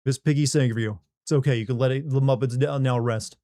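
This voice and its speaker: A man's voice: medium pitch, steady tone, fast, dark tone, no echo, clean studio sound. A man hosting a livestream, chatting casually and wryly, rambling while he reads chat aloud. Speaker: livestream host. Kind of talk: casual post-stream chat.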